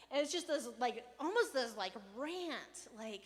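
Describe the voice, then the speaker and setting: A woman pastor giving a casual, conversational sermon, animated and playful, sometimes raising her voice to act out a rant. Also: high voice, a little slow, in a large hall. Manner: conversational, animated, acts out rants with raised voice. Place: church hall.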